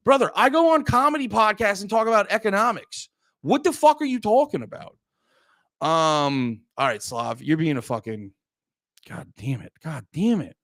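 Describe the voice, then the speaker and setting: A man's voice: sits high, a bit bright, dry recording, studio quality. A man from Pennsylvania, a comedian hosting a livestream, talking to his chat in a profane, rambling, heated way. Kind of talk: casual livestream talk to chat.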